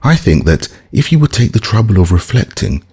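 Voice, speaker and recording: A man reading an audiobook, voicing an anxious young gentleman who speaks politely but urgently. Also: lowish voice, big pitch swings, fairly quick, husky, voice pushed up, exaggerated voice.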